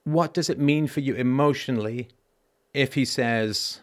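Male call-in host, mid-pitched voice, emphatic, lecturing, probing questions. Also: measured pace. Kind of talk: call-in advice talk.

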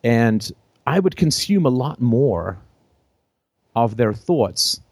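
Man, British accent, call-in show host, lively swooping pitch, dry close sound. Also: takes it slowly, creaky, no echo. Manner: animated, laughs between phrases, theater-trained voice. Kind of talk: unscripted call-in show monologue.

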